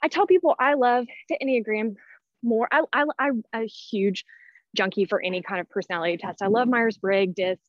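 A woman's voice: a little high, normal speed, no room sound. A woman in her thirties, out of breath, chatting casually as a podcast guest with lots of fillers and restarts. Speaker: guest, personality-type teacher. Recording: dull, dry lo-fi sound.

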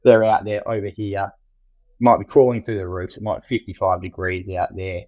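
A deep-voiced Australian man talks loosely about running a trade team and keeps restarting his sentences around fillers. His voice sits low and sounds dry and close, with no room around it. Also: level tone, normal speed, dry recording, muffled recording. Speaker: general manager of a trade business. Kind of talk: casual podcast chat.

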